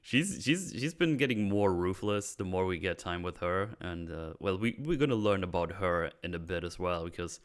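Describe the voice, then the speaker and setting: A man's voice: low voice, lively intonation, moderate pace, hardly any pauses, clean tone. A man hosting a podcast, casually breaking down a TV episode in a rambling way, swearing freely and laughing often. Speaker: podcast host.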